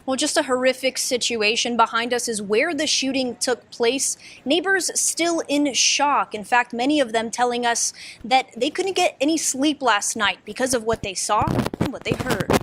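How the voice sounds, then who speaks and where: A woman's voice: on the high side, moderate pace, a bit bright. A woman reporting live from a scene in a composed, formal manner.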